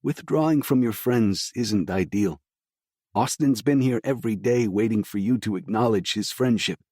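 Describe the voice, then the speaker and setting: Guy reading a gentle dad in a storybook, stern but kind, steady and calm, dry close sound. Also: lowish voice, moderate pace, slightly rough, no room sound, pitched above the performer's own voice. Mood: tender. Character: gentle, stern middle-aged father. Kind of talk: audiobook dialogue.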